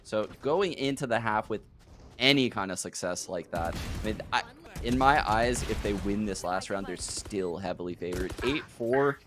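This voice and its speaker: A young man giving colour commentary on an esports match, excitable and quick to laugh. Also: fairly low pitch, a little hiss or hum. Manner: excitable, animated, laughing easily. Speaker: esports analyst caster.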